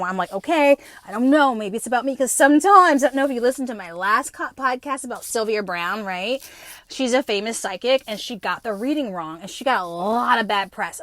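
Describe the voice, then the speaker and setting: A woman's voice: fairly high pitch, dry recording. Woman in her 50s telling a story on her podcast, swears a ton, voice jumps all over, dry close sound. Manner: swearing, animated, acts out her own and others' lines. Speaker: podcast host. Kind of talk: casual storytelling monologue.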